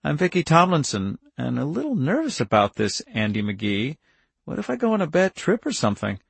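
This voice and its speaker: A man's voice: on the high side, huge pitch swings, fairly quick, vocal fry, breathy edge, no room sound, voice pushed up, heavily acted. A man putting on a chatty young college woman. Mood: nervous. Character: tall pretty young woman student, nervous, friendly.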